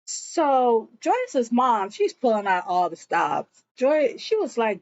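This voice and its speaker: Slow-talking woman recapping a show. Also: fairly high pitch, big pitch swings, darkish tone, no echo, dull audio. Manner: chatty, gossipy storytelling. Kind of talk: casual episode recap.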